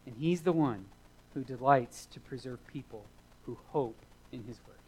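A man's voice: medium pitch, normal speed, a little mellow, breathy edge, rough recording. Man, middle-aged, pastor, sermon, emphatic, repeats lines for weight, church. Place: church sanctuary.

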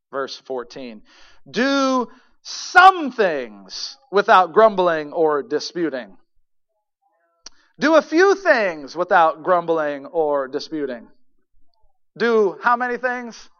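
A male pastor preaching a sermon to his congregation, emphatic, swinging from loud declarations to quiet murmurs. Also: on the high side, highs cut off. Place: church sanctuary.

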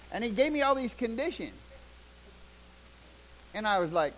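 Folksy older preacher, high-voiced. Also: male voice, normal speed, pauses often, a little hiss or hum, low-quality recording. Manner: folksy, animated, shouts punchlines, drops to hushed tones. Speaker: pastor. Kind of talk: sermon with storytelling.

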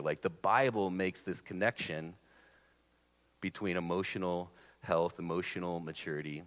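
In a large hall, a pastor in his thirties delivers a sermon in a low, somewhat bright voice. His style is relaxed and conversational, with frequent stops and many restarted sentences.

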